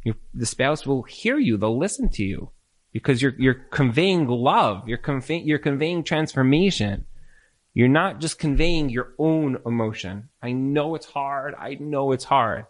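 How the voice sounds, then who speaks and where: A man's voice: medium pitch, expressive, unhurried. A man teaching a marriage class and taking questions from listeners, earnest and repetitive, often acting out what spouses say. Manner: earnest, repeats words, acts out quoted spouses. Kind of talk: lecture with audience Q&A.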